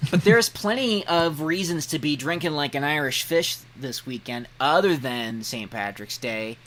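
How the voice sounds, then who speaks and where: A man hosting a casual podcast chat, an animated storyteller who breaks into loud mock voices. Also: fairly high pitch, normal speed. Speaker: podcast host.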